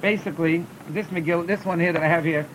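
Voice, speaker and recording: A man, teaching a class on chanting scripture. He stumbles and repeats words as he explains, and breaks into short chanted examples. A faint rumble hums under the recording. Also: steady tone, fast, rough recording. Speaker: teacher of Torah cantillation. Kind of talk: classroom lesson.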